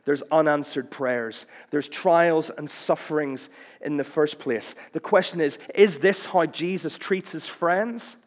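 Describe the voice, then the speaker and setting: A man preaches a sermon at an unhurried pace, his voice trailing off into a long reverb tail. He's impassioned, acting out quoted cries as his pitch climbs.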